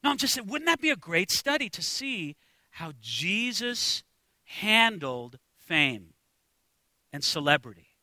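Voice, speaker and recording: A male pastor preaching an expository sermon, animated, acting out quoted voices and swinging from hushed asides to shouts. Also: sits high, unhurried, no echo. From United States.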